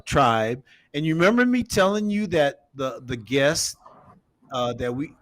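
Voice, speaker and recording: A man hosting a casual livestream, rambling while showing a map and talking to viewers as everybody. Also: medium pitch. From United States. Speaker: show host.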